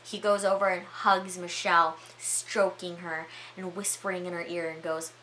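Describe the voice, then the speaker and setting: A young woman vlogger recapping a movie in a chatty, excitable way, full of filler words. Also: fairly low pitch, normal speed, hardly any pauses, slight background noise.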